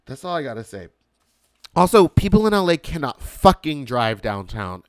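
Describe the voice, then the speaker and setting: A man hosting a podcast, delivering a casual comedic monologue with profane ranting and sudden shouted outbursts. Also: medium pitch, very animated, normal speed, no room sound, studio quality. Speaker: podcast host.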